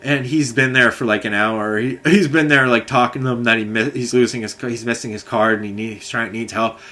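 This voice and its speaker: A man's voice: mid-range voice, fairly even intonation, a little fast, bright, forceful tone. A man telling a long, angry, rambling story, swearing often. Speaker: vlogger. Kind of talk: ranting monologue.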